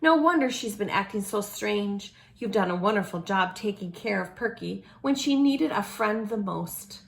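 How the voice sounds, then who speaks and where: A woman voicing an eager young boy in a storybook read-aloud, earnest and excitable, with a gravelly edge in her voice. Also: medium pitch, normal speed.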